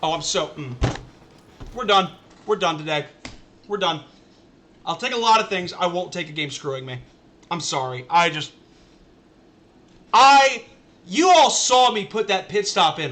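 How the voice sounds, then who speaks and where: A man streaming a game for his chat, his voice high and bright with a forceful edge. He rants in an exasperated, casual way and keeps circling back to the same complaint. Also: animated, normal speed. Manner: exasperated ranting, repeats himself. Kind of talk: casual live-stream commentary.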